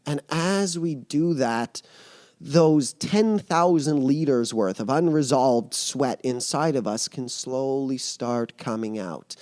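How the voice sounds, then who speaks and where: In a podcast interview, a man who mentors people on emotions speaks earnestly, using vivid metaphors to explain his ideas. His mid-range voice is a little mellow, and the studio-quality recording has no room sound.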